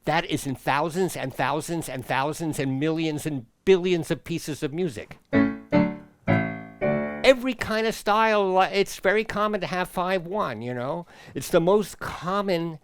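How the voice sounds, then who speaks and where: Playful man, wildly swooping pitch. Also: expressive, unhurried, soft background music. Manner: playful, exaggerated rising and falling inflection. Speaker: music teacher in character. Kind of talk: children's music lesson at the keyboard. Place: home, at a keyboard.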